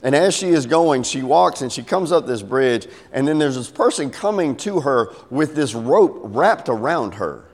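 A man's voice: medium pitch, animated, normal speed, few pauses. A middle-aged man preaching a sermon, telling a story and acting out its voices with big swings. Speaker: pastor. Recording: long hall reverb.

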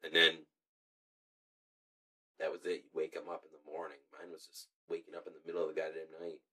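A man's voice: rumbling low, brisk, slightly rough, distant mic. A young man in casual profane banter, laughing often and telling stories with lots of swearing. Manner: laughing, swearing, animated storytelling.

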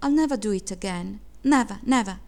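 A woman reading aloud, voicing a stubborn, upset little girl in a higher, insistent voice. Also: brisk, creaky, warm tone, natural voice. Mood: pleading. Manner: high, pleading, insistent.

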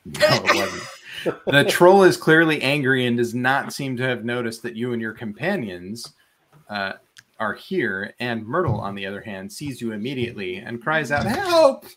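A man's voice: mid-range voice, moderate pace, fairly bright tone. A man acting as game master, reading descriptive passages and guiding the players. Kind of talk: narrating a tabletop game.

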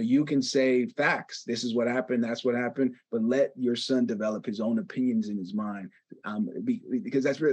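A man who works as a therapist, a guest giving calm, measured advice to a parent. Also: mid-range voice, breathy edge, muffled recording. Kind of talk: advice in an interview.

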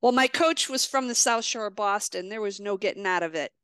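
A woman guest on a podcast, a retired athlete, telling her story with lively, acted-out reactions. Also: medium pitch, brisk, clear, resonant tone, no room sound. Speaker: guest, retired wheelchair racer.

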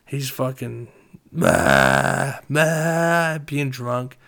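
Young man, casual storytelling, animated, swears a lot, loud acted-out quotes. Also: mid-range voice, very slow. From Reading, Pennsylvania. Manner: animated, swears a lot, acts out friends' lines loudly.

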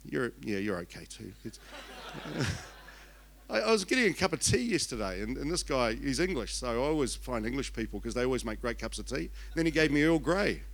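Chatty older Kiwi pastor, joking. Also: male voice, mid-range voice, expressive, brisk, vocal fry, fairly bright tone. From New Zealand. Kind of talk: sermon.

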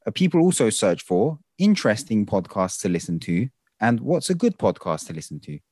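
Young man co-hosting a podcast, low voice, quick, jokey chat. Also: breathy edge, dry recording, studio quality. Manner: chatty, jokey, animated storyteller. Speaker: podcast co-host. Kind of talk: casual chat.

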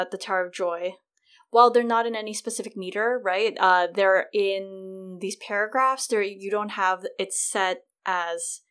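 A woman hosts a relaxed podcast chat, talking at a slow, deliberate pace. She is enthusiastic about her subject and explains poetic rhythm with spoken examples. Filler words like "like" run all through her speech. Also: mid-range voice, clear, resonant tone.

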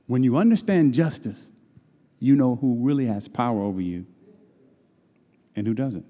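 A man's voice: medium pitch, animated, normal speed, warm tone. A middle-aged man preaching a sermon in a conversational, teasing way that calls on the congregation to answer back. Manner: conversational, teasing, call-and-response. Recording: long reverb in a large hall.

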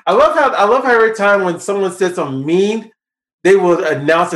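A man with a fairly high, bouncy voice hosts a casual film chat. He laughs a lot and wanders through his points with restarts. His voice echoes in a roomy space. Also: wildly swooping pitch, normal speed, fairly bright tone. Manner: laughing often, rambling with restarts. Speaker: podcast host. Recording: roomy echo.

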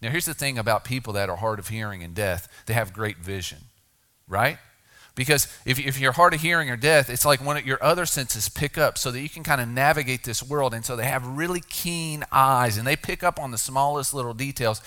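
A middle-aged pastor delivers a sermon in a relaxed, conversational style, his medium-pitched voice bright and forward. When he reaches a key point, he goes quiet and deliberate.

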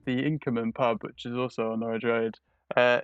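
A young Englishman rambles through jokes in easy podcast chat, stopping and restarting often. His voice is smooth and clean, and the sound is dry. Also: mid-range voice, level tone, a little fast, no room sound, highs cut off. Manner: rambling, joking, many restarts. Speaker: podcast co-host. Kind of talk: casual chat.

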